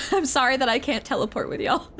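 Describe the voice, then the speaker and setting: A young woman streaming a game, chatting casually, excitable, giggly and emotional. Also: high-pitched, brisk, a little hiss or hum.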